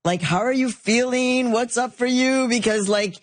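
A woman's voice: on the high side, moderate pace. A woman co-hosting a podcast in casual chat, talking freely, laughing often and slipping in Spanish phrases. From Mexican. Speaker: podcast co-host.

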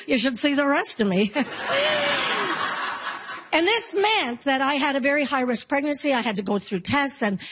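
A woman in her fifties performing a stand-up comedy set, telling animated stories and acting out quotes. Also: fairly high pitch, noisy background. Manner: animated storytelling with acted-out quotes.

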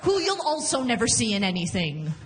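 A woman performing a stand-up comedy set on a club stage, animated and laughing through her punchlines. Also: mid-range voice, moderate pace, in a large hall.

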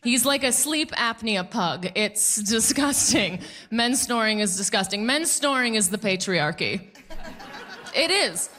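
A woman comedian doing a stand-up set, animated and punchy, often laughing at her own jokes. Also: mid-range voice, unhurried.

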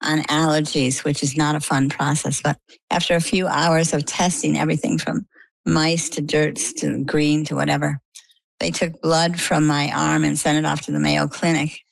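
A middle-aged woman from Maine tells her own story in an interview, acting out the voices of the people in it. Her voice sits low with a gravelly edge. The sound is dry and close. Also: normal speed, no room sound, low-quality recording. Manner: animated storytelling, acts out quoted dialogue. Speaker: interview guest.

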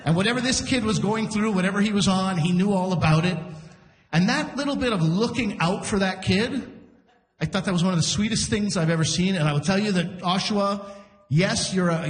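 A man hosting a live comedy show, telling a story on stage in a chatty, animated way, acting out the people in it. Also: high voice, fairly quick. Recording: echoey hall from a distance.

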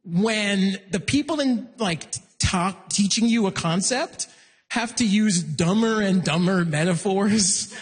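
Stand-up comic, male, husky, animated storyteller, long hall reverb. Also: takes it slowly. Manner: animated, jumps into high excited voices for acted quotes. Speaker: stand-up comedian.

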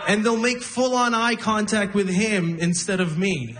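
Young man, stand-up comedian, a bit high-pitched, chatty storytelling, acts out quotes, noisy live-show recording. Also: measured pace. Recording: live show with audience noise.

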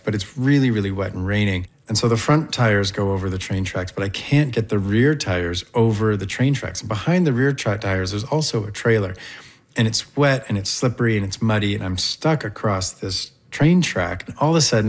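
A man casually telling an excited road-trip story, with fillers and lively rises. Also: lowish voice, brisk.

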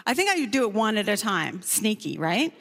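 A woman comedian performing a stand-up set on stage, telling a story in a lively, conversational way. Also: medium pitch, moderate pace, long reverb tail.

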